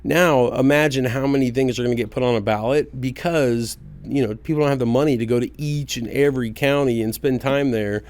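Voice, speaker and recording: A man's voice: mid-range voice, fairly even intonation, brisk, few pauses, a little mellow. Playful, laughing Oklahoma man on a podcast. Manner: playful, laughing, swears freely. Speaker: podcast co-host. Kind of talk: casual podcast chat.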